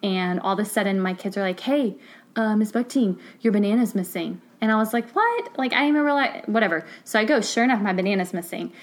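A woman who works as a teacher, chatting casually on a podcast and telling classroom stories with lively acted-out quotes. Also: mid-range voice. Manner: animated storyteller, acts out voices in quotes. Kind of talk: casual chat, storytelling.

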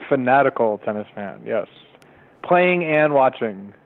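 A man's voice: medium pitch, lively intonation, unhurried. A man speaking as an interview guest from home, thoughtful and hesitant, talking in a conversational way. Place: home in a forested hillside area. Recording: tinny phone-like line.

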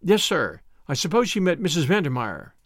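A man's voice: fairly high pitch, sing-song, normal speed, dry recording, studio quality. A man voicing an eager, polite young Englishman who talks earnestly and deferentially. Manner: earnest, deferential, says sir often.

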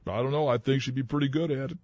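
A man co-hosting a talk radio show, with a slightly husky voice and a dry, teasing manner. He is close-miked in a dry studio. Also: medium pitch, fairly even intonation, racing, darkish tone, dry recording. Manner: wry, teasing. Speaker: radio co-host.

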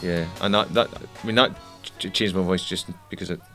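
A musician in an interview, talking candidly, with frequent restarts and the odd swear word. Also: male voice, sits low, steady tone, fairly quick, sharp tone, soft background music. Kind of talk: reflective interview talk.

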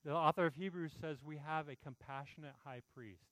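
Earnest man preaching, slightly higher voice. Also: fairly even intonation, a little fast, fairly bright tone, dry recording, rough recording. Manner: earnest, pleading, conversational preaching with frequent "right?" asides. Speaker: pastor. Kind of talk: sermon.

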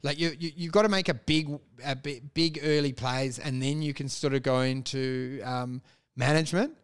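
A man's voice: medium pitch, steady tone, moderate pace, smooth. A man with an Australian accent in a rambling, comedic casual chat as podcast co-host.

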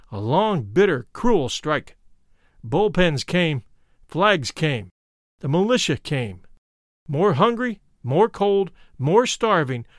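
Male audiobook narrator, high and animated, close dry sound, expressive memoir read. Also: no room sound. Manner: expressive storytelling reading, voicing quoted speakers. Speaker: audiobook reader.

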